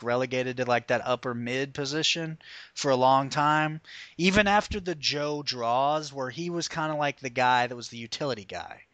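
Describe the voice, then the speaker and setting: A man's voice: fairly high pitch, dry recording. A man hosting a podcast in casual chat, emphatic and opinionated, swearing freely and mimicking people as he argues. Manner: animated, often mimics people mid-story. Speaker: podcast host.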